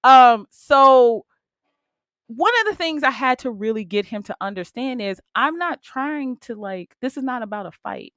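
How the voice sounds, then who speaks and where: A woman hosting a podcast in casual chat, telling stories in a matter-of-fact, animated way. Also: a little high, a little slow, no room sound, clean studio sound. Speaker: podcast host.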